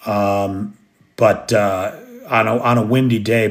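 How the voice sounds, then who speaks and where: American male host, gravelly, rambling and chatty on a live stream. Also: lowish voice, steady tone, slow. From United States. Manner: rambling, chatty, restarts and fillers. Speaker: livestream host. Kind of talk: casual live chat reading comments. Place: living in Kyiv, recording at home at night.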